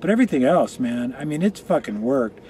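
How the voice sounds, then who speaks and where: A man's voice: mid-range voice, very animated, a little fast, warm tone, slight background noise. Rambling, profane man from Colorado. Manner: rambling, profane, tangential storytelling. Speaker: guest. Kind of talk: casual chat. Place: room where marijuana is being smoked.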